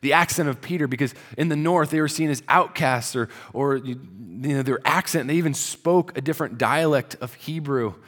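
A man preaching a sermon, retelling the story conversationally and dropping to a soft, low voice at solemn moments. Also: moderate pace, hardly any pauses, long reverb tail. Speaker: pastor.

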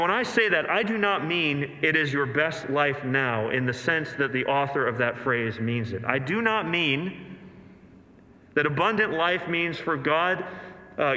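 A man's voice: on the high side, sharp tone. A male pastor preaching an earnest, emphatic sermon to a congregation in a church, with rhetorical questions. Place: large church sanctuary. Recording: echoey hall reverb.

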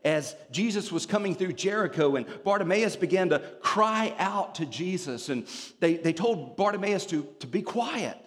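Animated male preacher in a reverberant hall. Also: high voice, normal speed. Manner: animated, humorous storytelling with scripture explanation. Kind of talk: sermon.

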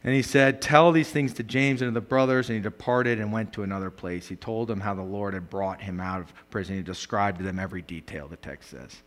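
A male pastor preaching a sermon, animated, swinging between loud emphatic bursts and quiet asides, with frequent laughs. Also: on the low side, fairly quick, hardly any pauses.

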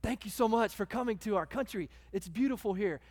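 Man voicing a taxi driver, eager, effusive, high-pitched, long hall reverb. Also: a little fast. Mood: delighted. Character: overjoyed male taxi driver, warm and hospitable.

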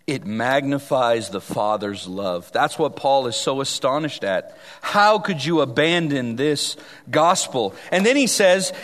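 A man preaching a sermon as pastor, earnest and emphatic, dropping at times to a hushed tone. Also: on the high side, in a large hall.

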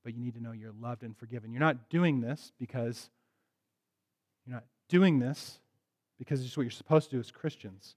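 A man's voice: medium pitch, normal speed, darkish tone. A man preaching a sermon to his congregation, talking in a casual, joking way and addressing people directly. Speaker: pastor. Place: church sanctuary. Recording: long hall reverb.

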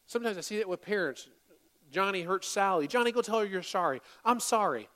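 High-voiced animated male pastor. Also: quick pace, in a large hall. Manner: animated, acts out quoted apologies in a raised voice. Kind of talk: sermon. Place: church sanctuary.

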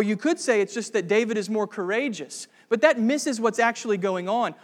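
Male pastor with a high voice, earnest sermon delivery that rises to fervent emphasis, long hall reverb. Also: animated, moderate pace, few pauses.

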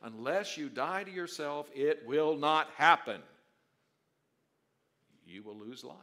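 Bright-voiced preacher with big dynamic swings. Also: male voice, on the high side, lively intonation. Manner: dramatic swings from soft asides to loud emphatic declarations; stretches key words slowly for emphasis. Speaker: pastor. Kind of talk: sermon.

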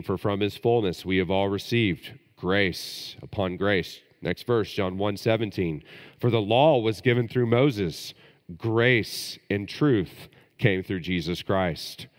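A pastor delivers a sermon in a fairly low voice, building to emphatic, animated bursts. His words ring out with a long reverb tail from the church sanctuary.

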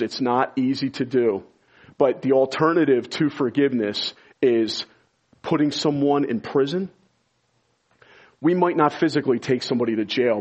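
Husky-voiced man preaching a sermon. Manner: rises to loud, high-pitched emphasis when stirred. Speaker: pastor.

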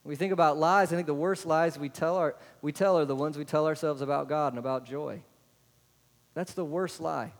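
A man's voice: fairly high pitch, steady tone, a little fast. A man preaching a sermon to a congregation. He keeps asking them rhetorical questions. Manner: asks the congregation many rhetorical questions, adds "right?". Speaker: pastor. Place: church sanctuary. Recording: long hall reverb.

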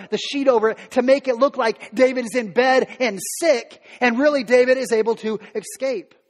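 A man's voice: sits high, big-room sound. A male preacher retelling a Bible story in a conversational sermon, with modern asides.

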